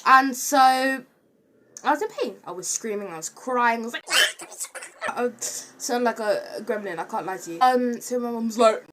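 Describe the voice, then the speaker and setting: Chatty young woman, slightly high. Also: measured pace, very noisy. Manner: chatty, rambling, animated with filler words. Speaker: vlogger. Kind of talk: casual storytime.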